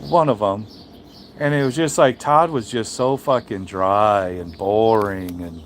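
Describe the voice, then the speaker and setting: A man's voice: lowish voice, unhurried, slight background noise. A man who drives trucks, chatting casually on a live stream and answering viewers, blunt and profane, rambling with many restarts.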